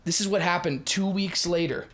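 A middle-aged man from Minnesota speaks as a podcast guest. His voice sits a little high, and he tells stories with lively emphasis and sudden bursts of loudness. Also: normal speed. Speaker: guest telling ministry stories. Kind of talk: animated storytelling in a podcast chat.

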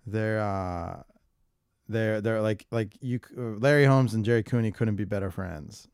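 A man co-hosts a podcast in loose, casual chat. His voice sits low and he rambles, jokes and trails off mid-thought. The sound is dry and close, with no room echo. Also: moderate pace, darkish tone, smooth. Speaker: podcast co-host.

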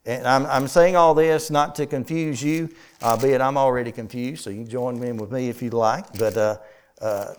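A man preaching a Bible study, asking his listeners questions and reading scripture slowly with weight. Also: mid-range voice. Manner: asks the congregation questions, reads scripture slowly with emphasis. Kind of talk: conversational sermon teaching.

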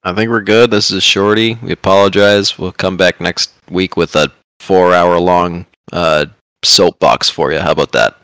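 A man with a very low voice chats casually as a podcast co-host, easygoing and quick to laugh. His voice sounds dry and close to the mic. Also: fairly even intonation, a bit bright, smooth, no echo. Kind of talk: casual chat.

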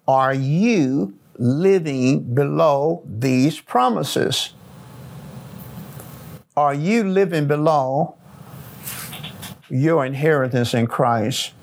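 A middle-aged man preaching a sermon as pastor, repeating phrases with slow, emphatic rhythm. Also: on the high side, creaky.

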